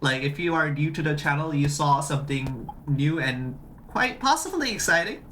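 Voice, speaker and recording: Streamer, animated pitch, bright tense tone, casual stream chat, repeats itself. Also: moderate pace, slight background noise. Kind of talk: casual live-stream chat demoing a project.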